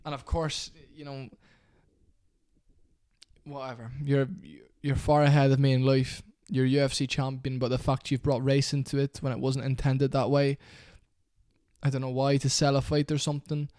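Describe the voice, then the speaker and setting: A man's voice: medium pitch, little pitch movement, moderate pace, a little mellow, smooth, no room sound, studio quality. A young man in an angry, profane rant to camera about a fighter. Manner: heated, profane, repetitive. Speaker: MMA commentator.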